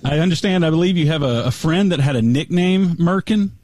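A man interviewing a guest, asking questions in a curious, measured way. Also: fairly high pitch, darkish tone, no echo.

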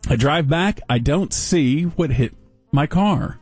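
A man telling a story on a casual talk show, wry and deadpan, with dry sarcasm. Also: a little high, slow, husky, no echo, faint music behind.

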